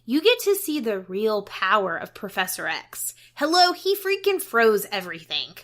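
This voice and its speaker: A woman's voice: mid-range voice, sing-song, moderate pace, a bit bright. A young woman co-hosting a movie podcast, chatting casually with blunt, teasing opinions. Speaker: podcast co-host. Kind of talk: casual movie review chat.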